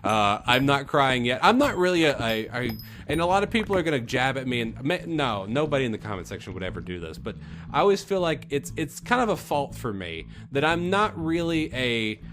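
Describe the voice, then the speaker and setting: A man's voice: mid-range voice, very animated, brisk, fairly bright tone. A young man hosting a let's play, talking in a rambling, earnest way with lots of restarts. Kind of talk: casual gameplay commentary. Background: background music.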